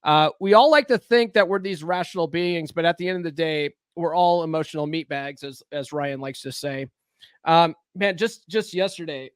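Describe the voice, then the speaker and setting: High-voiced, profane podcast host. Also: male voice, dry recording, clean studio sound. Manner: profane storytelling, acts out shouting. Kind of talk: casual podcast chat.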